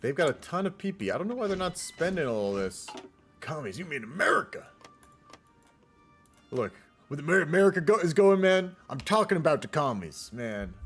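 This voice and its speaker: A man's voice: on the high side, sing-song, normal speed, faint music behind. A man casually commentating a multiplayer strategy game on a live stream, rambling into laid-back asides and swearing often.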